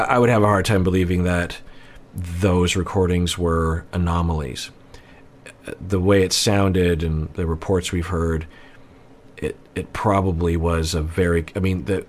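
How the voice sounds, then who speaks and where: Male counselor-host, low register, measured analytical commentary. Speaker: relationship counselor. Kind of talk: reaction commentary.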